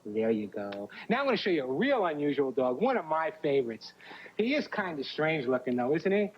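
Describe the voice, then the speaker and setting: Husky male animal expert. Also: on the high side, sing-song, brisk. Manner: friendly, talking to children. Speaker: animal expert on a children's TV show. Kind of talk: presenting to kids. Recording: dull 1980s TV sound.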